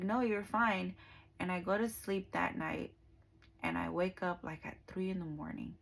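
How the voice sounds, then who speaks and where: Young woman, bright forceful tone, chatty testimony full of "like" and quoted dialogue. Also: sits low, gravelly, rough recording. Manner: conversational, with frequent fillers and quoted dialogue. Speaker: speaker giving a personal testimony. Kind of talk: casual spoken testimony.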